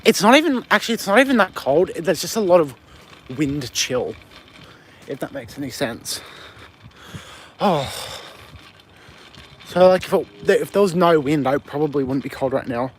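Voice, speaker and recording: A man's voice: fairly high pitch, sing-song, moderate pace, long pauses, a little hiss or hum. A man with an Australian accent chatting on a live stream while walking outside at night, reading out and answering viewer comments on a phone mic. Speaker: livestreamer. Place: outdoors on a windy street at night.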